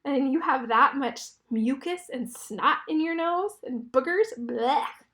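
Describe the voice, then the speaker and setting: A woman's voice: sits high, lively intonation, slow pace, fairly bright tone. A woman teacher reading a picture book aloud to children, explaining the pictures and asking them questions.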